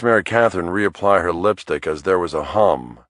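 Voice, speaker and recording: A man narrating a thriller audiobook in the first person, in a wry, measured storytelling manner. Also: sits low, fairly bright tone, dry recording, clean studio sound.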